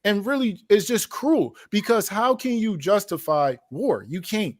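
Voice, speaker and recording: Reading quoted document passages aloud, a male commentary host then reacts emphatically, firing off rhetorical questions. He is high-pitched and expressive at a measured pace, and the studio sound is clean with no echo.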